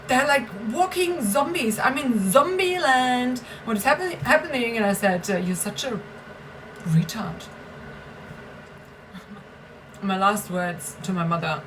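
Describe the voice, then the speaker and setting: A woman's voice: fairly high pitch, expressive, slow pace, pauses often, background noise. Bitter, emphatic woman ranting to camera. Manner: emphatic, bitter, swears often, repeats for stress. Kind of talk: agitated personal vlog rant.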